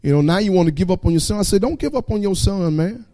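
High-voiced man preaching fervently. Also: lively intonation, quick pace, warm tone. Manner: fervent, repetitive preaching cadence. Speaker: church member giving testimony. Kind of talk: church testimony sermon.

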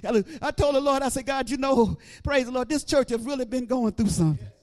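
A woman preaching a sermon, starting low and quiet and rising to shouted, sing-song lines with rhythmic repeats. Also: quick pace.

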